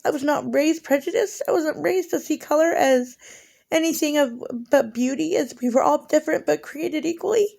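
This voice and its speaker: A woman's voice: sits high, normal speed, gravelly, a little mellow. A woman in her forties rambling emotionally through a casual vlog monologue. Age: 40s.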